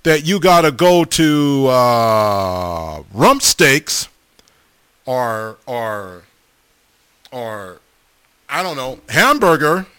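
A middle-aged man casually chatting as a host, reading viewer comments in a folksy, animated way, often repeating himself. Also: mid-range voice, drawn-out words, pauses often, clear, resonant tone, no echo. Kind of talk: casual chat.

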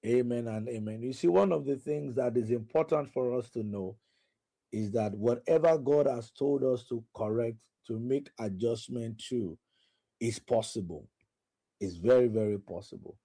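A man leading a sermon that flows into a long, fervent prayer, with phrases repeated in a rhythmic cadence and bursts of speaking in tongues. His voice is dark and mellow, recorded dry and close. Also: medium pitch, normal speed, vocal fry, husky, no echo. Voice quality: praying in tongues. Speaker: pastor.

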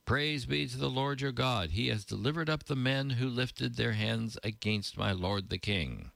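A man's voice: medium pitch, normal speed, gravelly, a bit bright, no room sound, voice pushed up. A man reading as an eager young messenger. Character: eager young male runner bringing news.

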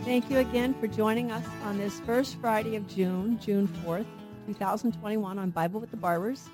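A woman's voice: medium pitch, steady tone, normal speed, music in the background. A woman co-hosting a radio Bible program, teaching emphatically and posing rhetorical questions that she then answers herself.

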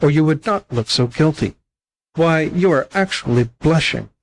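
A man voicing a kind female hen sparrow in a storybook, raising his voice higher to plead and scold. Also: normal speed, a little mellow, lightly acted, rough recording.

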